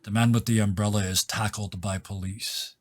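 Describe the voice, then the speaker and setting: A man narrating a tabletop role-playing game as game master, setting vivid scenes and dropping to a hush at key moments. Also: on the low side, level tone, normal speed.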